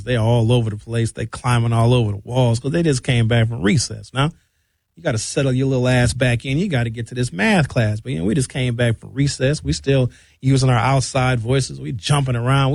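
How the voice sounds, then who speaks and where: A man's voice: medium pitch, a little fast, gravelly, dry recording. Fifty-something man, dry close sound. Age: 50s. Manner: animated storytelling with shouted impressions. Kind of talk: casual monologue.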